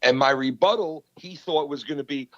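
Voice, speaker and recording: A man, hosting a podcast and retelling a feud in a heated, profane, animated way. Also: on the high side, moderate pace, no room sound, highs cut off. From New York. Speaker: podcast host. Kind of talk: casual podcast storytelling.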